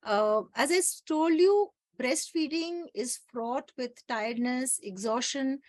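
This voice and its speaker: High-voiced Indian woman doctor explaining. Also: unhurried, no echo. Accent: Indian English. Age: middle-aged. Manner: lively storyteller, explanatory. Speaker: gynecologist speaker. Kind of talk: online health talk answering questions.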